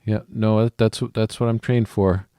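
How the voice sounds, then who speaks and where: A man with a low voice who speaks hesitantly and stammers while playing a tabletop game. He often pauses on fillers. The sound is dry and close. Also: little pitch movement, dark tone, clear, resonant tone, no echo. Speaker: player.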